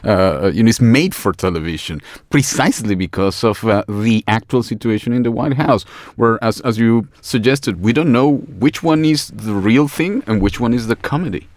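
A man joins a studio discussion in a playful way, often laughing as he moves through his points. His voice is fairly low, and the dry studio sound leaves no echo behind him. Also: normal speed. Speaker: guest commentator. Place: radio studio.

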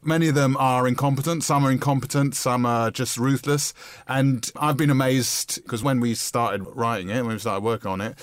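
A man of middle pitch speaks as a screenwriter guest, chatty and animated as he lays out his ideas. The recording is dry and close. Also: moderate pace, no echo. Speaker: co-writer guest. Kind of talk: film interview.

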